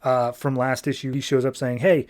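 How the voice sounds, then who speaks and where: Guy on a podcast recapping comics, rambly, lots of uhs and likes, middle pitched voice. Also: completely flat delivery, fairly quick. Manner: loose and rambling, many fillers; briefly shifts pitch for quoted characters. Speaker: podcast host. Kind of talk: casual comic book recap.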